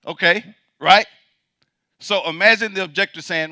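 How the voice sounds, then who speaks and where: A male pastor preaching a sermon emphatically, repeating his points and swinging between loud declarations and quiet asides. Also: sits high, normal speed, pauses often, no room sound, clean studio sound.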